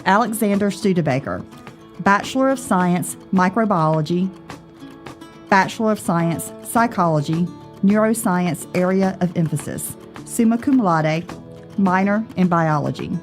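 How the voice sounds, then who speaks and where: A woman announcing graduates at a ceremony, reading names and degrees in a measured, formal manner. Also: on the low side, expressive, soft background music.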